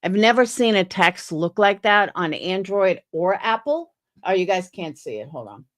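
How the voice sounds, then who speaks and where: A woman's voice: mid-range voice, lively intonation, moderate pace. Chatty skeptical woman livestreaming. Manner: chatty, skeptical, reads messages aloud to viewers. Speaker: livestream host. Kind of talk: casual livestream commentary.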